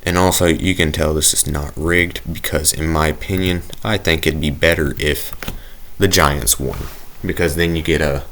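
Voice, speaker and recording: Low-voiced man rambling over gameplay. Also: fairly even intonation, normal speed, a bit bright. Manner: rambling, jokey, self-mocking. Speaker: gaming video creator. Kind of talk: casual gameplay commentary.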